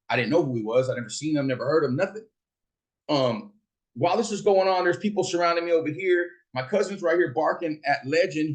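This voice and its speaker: A middle-aged man from Fresno, California, telling a personal story in a casual, profane monologue, acting out the voices of the people he quotes. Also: fairly high pitch.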